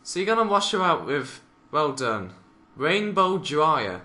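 A man's voice: fairly high pitch, animated, slow, pushed and bright. A man giving sarcastic, mocking reaction commentary while watching a cartoon, swearing often. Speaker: reaction video maker.

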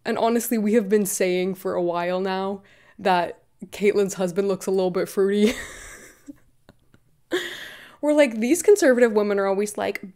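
A woman's voice: mid-range voice, moderate pace, long pauses, warm tone. A young woman giving casual, opinionated commentary on her vlog, laughing often and reading posts aloud. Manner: chatty, laughs often, reads tweets aloud. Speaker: commentary YouTuber.

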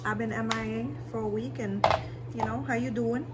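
A woman's voice: on the high side, fairly even intonation, normal speed, heavy background noise. A woman chatting casually in a cooking vlog, rambling with lots of fillers while she makes food at home. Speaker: vlogger.

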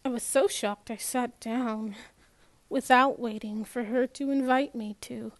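A woman reading a first-person novel aloud in a measured way, with small restarts and slips. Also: a little high, steady tone, dry recording. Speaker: audiobook narrator.

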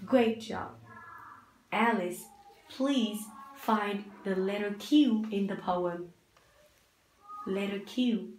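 A woman's voice: mid-range voice, drawn-out words, pauses often, darkish tone. A young woman teaching an English lesson to children over a video call, patient and encouraging. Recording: echoey room, faint noise.

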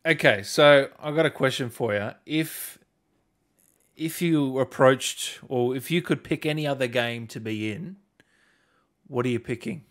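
A man hosting a casual interview, easygoing and laughing often as he asks quick questions. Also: medium pitch, fairly bright tone. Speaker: host.

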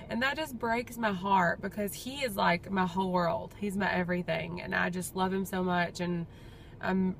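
A woman's voice: medium pitch, gravelly, a little hiss or hum. A young woman, talking through a casual personal update vlog in a chatty, rambling, heartfelt way. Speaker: vlogger.

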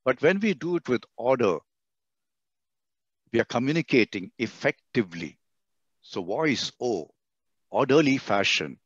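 A man with an Indian English accent lectures over a video call, and his voice climbs and drops sharply to act out examples. He talks at a mid pitch. The computer mic gives dry, slightly dull audio. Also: a little slow, long pauses, husky, no echo. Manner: expressive, swings his voice high and low to demonstrate. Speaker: guest speaker on communication. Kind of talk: webinar lecture.

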